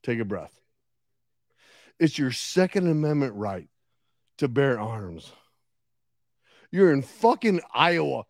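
A man's voice: on the high side, sing-song, slow, pauses often, no echo, clean studio sound. A man co-hosting a casual podcast, swearing freely and getting worked up as he rants. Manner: profane, gets worked up and ranting. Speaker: podcast co-host. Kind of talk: casual chat.

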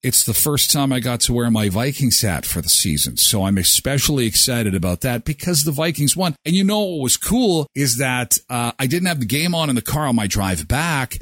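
A man's voice: mid-range voice, normal speed, few pauses, no echo, clean studio sound. A man hosting a daily morning show, chatting casually and telling jokey stories. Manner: chatty, jokey, animated storytelling. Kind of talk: casual radio show chat.

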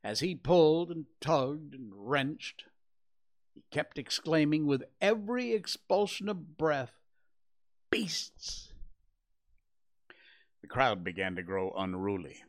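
A man hosting a show, reading a classic adventure novel aloud in slow, measured narration. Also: a little high, big pitch swings.

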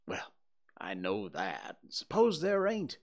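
A bold, adventurous boy, put on by a male audiobook reader. He speaks in short, plain lines, often hushed and urging. The reading is unhurried. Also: on the low side, huge pitch swings, full character voice. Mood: firm. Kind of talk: audiobook character voice.

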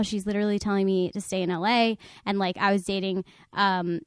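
A woman's voice: mid-range voice, a little fast, few pauses, smooth, no echo. A young woman from Connecticut spins a family story on a podcast, bouncing between her own voice and the people she quotes, her talk packed with "like" and restarts. The recording is close and dry, with no room sound at all. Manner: animated, acts out the people she quotes, many "like" fillers. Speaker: podcast guest. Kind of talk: casual storytelling chat.

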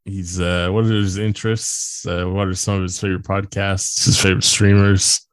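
A man's voice: low voice, little pitch movement, normal speed, dry recording, clean studio sound. A man co-hosting a podcast, chatting casually with crude jokes and rambling asides. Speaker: podcast co-host. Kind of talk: casual chat.

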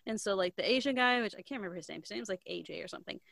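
A woman in casual chat, retelling a story in a rambling, animated way, filling every pause with "like". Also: mid-range voice, vocal fry, no echo. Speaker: co-host recapping a book.

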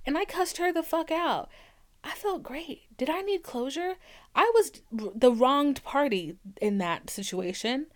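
Young woman podcast host, fairly high voice, blunt and foul-mouthed, animated storytelling. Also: unhurried. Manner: blunt, profane and animated, acting out quoted arguments. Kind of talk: candid podcast talk.

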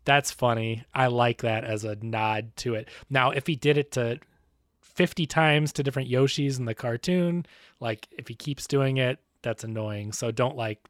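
A man co-hosting a podcast, chatting casually, animated and quick to laugh as he rambles. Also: mid-range voice, dry recording, studio quality. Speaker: podcast co-host. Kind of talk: casual chat.

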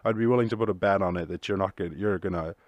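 Male podcast host, low voice, dry close sound, loose profane rambling monologue. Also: racing, no echo, dull audio. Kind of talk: solo casual monologue.

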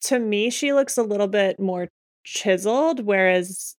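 A woman's voice: mid-range voice, measured pace, no echo. A woman co-hosting a casual fan podcast, recorded close and dry. Her voice sits mid-range, and she talks in a chatty, tangent-prone way with frequent little laughs. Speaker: podcast co-host.

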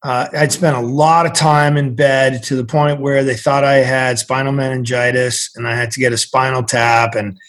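A middle-aged man from central Massachusetts, a podcast guest telling a story in an animated way. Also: mid-range voice, normal speed, few pauses. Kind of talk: storytelling conversation.

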